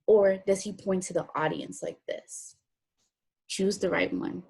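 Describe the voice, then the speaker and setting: Husky-voiced woman teacher giving instructions. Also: mid-range voice, steady tone, a little slow, darkish tone. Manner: step-by-step instructive, plain and practical. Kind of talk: recorded classroom lesson walkthrough.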